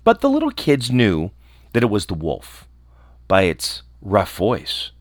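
Brief: male story reader, unhurried and expressive, dry close mic. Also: on the low side, no echo. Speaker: podcast host and storyteller. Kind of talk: storybook reading.

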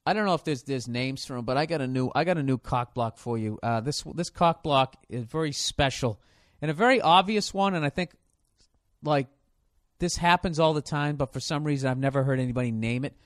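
A man hosting a podcast, telling a crude story in casual chat, cursing freely and now and then bursting into loud mock shouts. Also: medium pitch, brisk, dry recording, clean studio sound. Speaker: podcast host.

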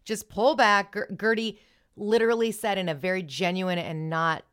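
A woman's voice: mid-range voice, fairly even intonation, normal speed, fairly bright tone, smooth. A woman hosting a podcast, retelling reality TV scenes in casual chat and acting out the quoted lines. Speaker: podcast host.

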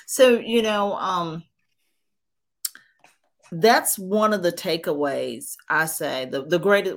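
A woman hosting a podcast interview, reacting with exclamations and reflecting on her guest's story. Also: fairly low pitch. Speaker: podcast host. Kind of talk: casual interview.

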